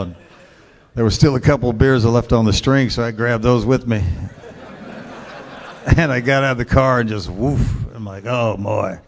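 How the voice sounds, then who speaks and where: A man's voice: medium pitch, darkish tone. A man in his sixties, a guest speaker telling a long, wry story to a luncheon club in a laid-back way.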